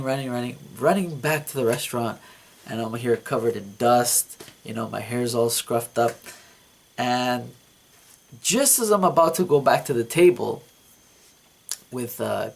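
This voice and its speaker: A man vlogging, telling a story from his dream in a casual, animated way, repeating words and laughing at himself. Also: mid-range voice, gravelly.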